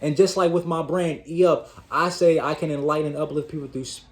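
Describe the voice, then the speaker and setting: Fairly high-voiced man giving a motivational talk. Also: fairly even intonation, brisk. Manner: conversational, talks to the audience as y'all, repeats words as he gathers thoughts. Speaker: host of a self-improvement channel.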